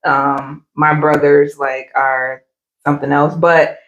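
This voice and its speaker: A calm, laid-back woman talking casually and reservedly about her marriage. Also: deep voice, takes it slowly, muffled recording. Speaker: wife, married guest. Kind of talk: casual conversation. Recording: echoey room.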